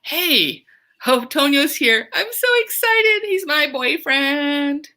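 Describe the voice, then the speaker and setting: A giddy young woman in love, breathless with excitement and nerves, as a woman plays her in a storybook lesson. Her voice jumps up high and bubbly, with a bright, ringing edge. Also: takes it slowly, full character voice.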